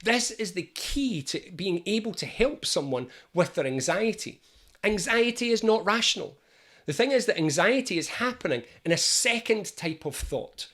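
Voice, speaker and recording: A middle-aged man coaching viewers on anxiety, talking straight to the camera. His voice sits a little high, and he keeps it animated and chatty, slipping in jokes as he goes. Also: moderate pace. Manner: animated, jokey and conversational. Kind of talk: educational talk to camera.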